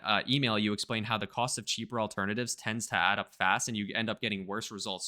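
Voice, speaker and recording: A man teaching marketing straight to camera, energetically checking in with his listeners. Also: fairly low pitch. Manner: energetic, checks in with "right?" and "okay?". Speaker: marketing coach.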